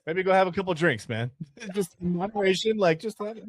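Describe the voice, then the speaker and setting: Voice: mid-range voice, expressive, fairly quick, slightly rough, dry recording, studio quality. A co-host in a casual chat, cracking jokes and reacting with laughter. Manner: joking, reacting with laughs and quips.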